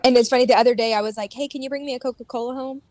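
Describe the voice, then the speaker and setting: Young woman streamer, high bright voice, dry close mic, excitable and apologetic. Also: rapid-fire, dry recording. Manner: excitable, apologetic, squeals when upset. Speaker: streamer playing with friends. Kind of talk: casual gaming chat.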